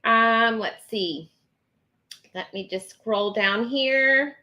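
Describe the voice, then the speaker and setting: A woman's voice: a little high, drawn-out words, highs cut off. A woman hosting a casual live stream, chatting and reading viewer comments aloud with many ums.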